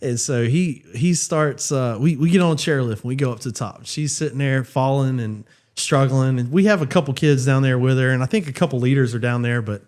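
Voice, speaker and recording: A man's voice: medium pitch, darkish tone. A man co-hosting a casual podcast, telling a funny story and laughing through it. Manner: laughing through anecdotes, quick asides. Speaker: podcast co-host, youth leader.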